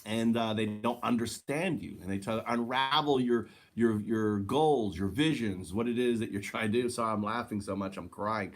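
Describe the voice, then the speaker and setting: A man's voice: on the low side, moderate pace, few pauses. A man rambling through a casual vlog from his own house, laughing often and tagging his sentences with "right?", recorded on a handheld camera indoors. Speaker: vlogger.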